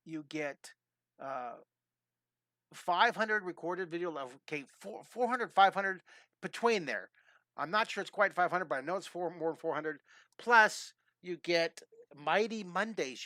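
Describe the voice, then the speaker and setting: A man in his fifties, an energetic and chatty drawing teacher who tells rambling stories during a live-streamed lesson. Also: fairly high pitch, no room sound. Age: 50s.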